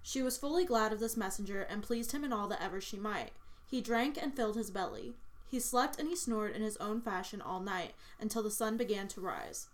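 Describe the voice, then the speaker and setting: A woman narrating a medieval tale in an audiobook, telling the story in a measured, expressive way. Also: mid-range voice.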